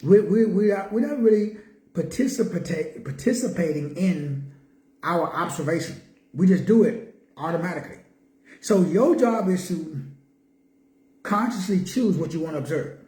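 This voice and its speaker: A man's voice: high voice, normal speed, mellow. A man giving a spiritual teaching talk, driving points home with repeated questions and emphatic answers. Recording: roomy echo.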